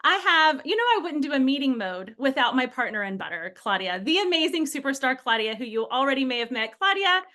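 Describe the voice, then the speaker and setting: Bubbly high-voiced woman hosting a webinar. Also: very animated, a little fast, hardly any pauses, bright, forceful tone. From Michigan, USA. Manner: bubbly, enthusiastic, greets people by name. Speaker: webinar host. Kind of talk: upbeat live webinar hosting. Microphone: video call.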